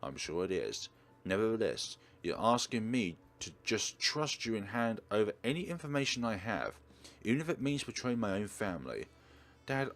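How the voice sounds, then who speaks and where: Man doing a gruff, stern yakuza father. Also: full character voice. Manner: low, slow, fatherly teasing. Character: middle-aged yakuza father, dry, teasing, stern.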